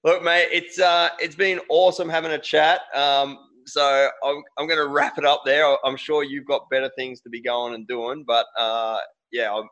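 Aussie host guy, bright voice, chatty, keeps tripping over his words. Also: mid-range voice, fairly even intonation, moderate pace, hardly any pauses, rough recording. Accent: Australian. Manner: chatty, repeats words, says mate. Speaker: podcast host. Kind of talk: casual interview chat.

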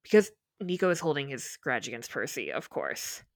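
A woman's voice: a bass voice, wildly swooping pitch, moderate pace, vocal fry, no echo, clean studio sound. A woman co-hosting a book podcast, retelling scenes in casual chat with quoted dialogue and open emotion. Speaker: podcast co-host.

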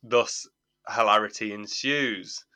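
A man's voice: lowish voice, steady tone, takes it slowly, bright, forceful tone. A man, co-hosting a podcast, recapping an episode in rambling, amused casual chat. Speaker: podcast co-host.

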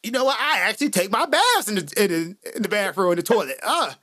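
Podcast host, a man: animated storyteller, bright, lively voice, dry close sound. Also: sits high, quick pace, no echo. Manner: animated storyteller, acts out quotes, laughs often. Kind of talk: casual chat. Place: lives in Japan.

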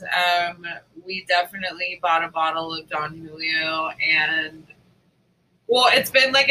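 A woman in casual podcast chat, telling an animated story and acting out the voices of the people in it. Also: low voice, recorded from a distance, a little hiss or hum, poor audio.

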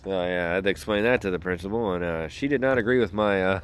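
A man with a slightly low-pitched voice hosts a casual podcast. He tells a rambling story in a loose, offhand way. He keeps breaking into laughter as he talks. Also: quick pace, clean tone. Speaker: podcast host.

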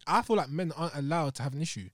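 A man's voice: a little high, lively intonation, rapid-fire, a bit bright, no echo, clean studio sound. A man in a casual group chat, emphatic and impatient.

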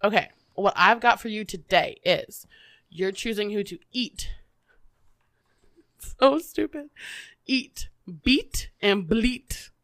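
A young woman from the Midwest co-hosting a podcast, trading quick jokes and giggling through casual banter. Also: medium pitch, a bit bright, dry recording. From American Midwest. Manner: playful, jokey, giggly banter. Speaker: podcast co-host. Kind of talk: casual chat.

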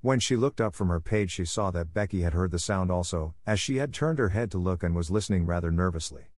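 A man reading a classic storybook aloud in a calm, measured manner. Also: low-pitched. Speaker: narrator. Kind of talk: storybook narration.

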